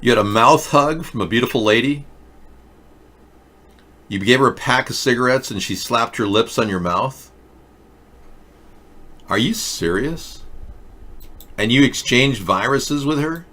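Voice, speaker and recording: The host of a casual comedic talk show speaks at medium pitch with lively intonation, a measured pace and long pauses, his voice pushed and bright. Mocking and sarcastic, he switches between joking rants and mumbled reading.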